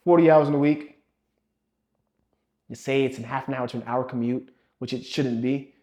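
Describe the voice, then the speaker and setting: A young man giving a blunt, swearing motivational rant as a fitness vlogger, scolding the viewer and swinging from low muttering to loud pushing. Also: steady tone, normal speed.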